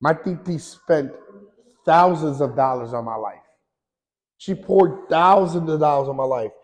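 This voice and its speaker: A man with a slightly raised pitch speaks in a loose, unscripted monologue as the host of his own show. He rambles earnestly, drops in casual slang and often restarts his sentences. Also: expressive, a little slow, low-quality recording.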